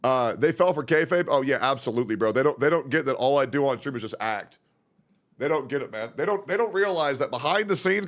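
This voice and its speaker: Animated, foul-mouthed young male streamer. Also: a little high, fairly quick. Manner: rambling, profane, reacting to chat. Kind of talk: casual livestream chat.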